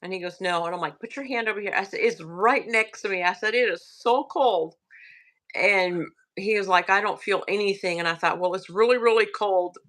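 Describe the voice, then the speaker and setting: Southern woman, bright forward tone, halting hushed storyteller, lots of fillers. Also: medium pitch. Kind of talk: casual storytelling.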